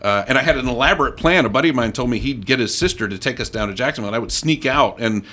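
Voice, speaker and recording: A middle-aged man, a radio host telling stories in a casual interview, animated and acting out what others said. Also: mid-range voice, rapid-fire. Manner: animated storyteller, acts out quoted voices. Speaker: radio host as podcast guest.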